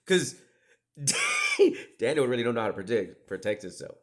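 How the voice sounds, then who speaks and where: Animated, profane middle-aged man rambling. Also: medium pitch, unhurried. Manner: profane, digressive, laughs and drops to whispered asides. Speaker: podcast host. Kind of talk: rambling storytelling monologue.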